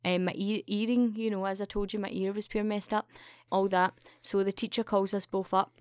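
A young woman tells a story in a lively, animated way, jumping into other people's voices for the quoted lines. Her voice sits at an ordinary middle pitch. The sound is dry and close, with hardly any room behind it. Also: brisk, clear, resonant tone, no room sound. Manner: animated, acts out quoted dialogue with raised pitch. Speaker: podcast guest. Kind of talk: casual storytelling chat.

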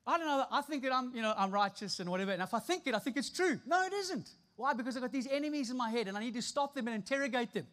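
Man, pastor, high voice, emphatic preaching, repeats phrases, long reverb. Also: very fast, few pauses, fairly bright tone. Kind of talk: sermon. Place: church stage before a congregation.

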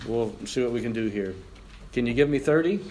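A man preaching a sermon as pastor, joking with the congregation and reading scripture aloud in an animated way. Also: medium pitch, a little fast, a little hiss or hum.

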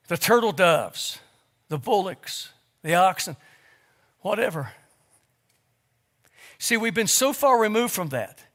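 A man's voice: on the high side, fairly bright tone. A man preaching a sermon to his congregation in a church, full of rhetorical questions and stammered restarts. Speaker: pastor. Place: church sanctuary.

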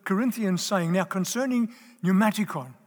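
High-voiced preacher in an echoing hall. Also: male voice, moderate pace. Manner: emphatic, repeats key phrases, asks the audience if they are there. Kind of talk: sermon. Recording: long reverb of a large hall.

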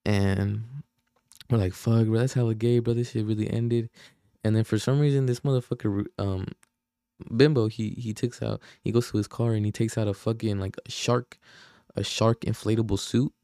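A man's voice: lowish voice, fairly even intonation, normal speed, dark tone, no echo, studio quality. A young man from Oakland, hosting a podcast and telling a rambling, profane story full of slang and fillers. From Oakland, California. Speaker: podcast host. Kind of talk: casual storytelling.

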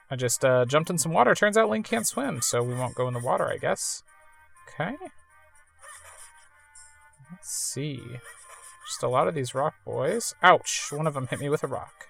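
A woman's voice: extremely low pitch, normal speed, creaky, long pauses, faint music behind. A woman casually commenting while playing a video game, chatty and self-amused. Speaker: let's-play gamer.

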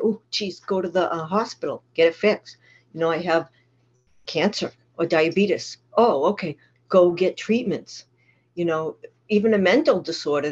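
A woman's voice: lowish voice, husky, dull audio. A middle-aged woman with a Boston accent, speaking candidly and plainly at a twelve-step meeting, with frequent restarts. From Massachusetts. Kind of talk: personal recovery share.

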